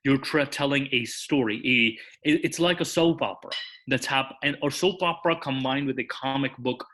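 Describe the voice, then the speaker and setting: Bright-voiced man rambling through explanations. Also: mid-range voice, moderate pace. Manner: rambling, restarts, tags sentences with "that is". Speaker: podcast guest. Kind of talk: explanatory casual chat.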